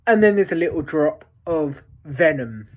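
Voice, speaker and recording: A woman's voice: low voice, lively intonation, normal speed. A woman giving a casual, enthusiastic spoken film review, rambling with lots of fillers and restarts.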